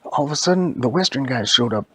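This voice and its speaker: A man narrating an improvised story in a rambling, animated way. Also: medium pitch, quick pace, slight background noise. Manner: animated, rambling run-on telling.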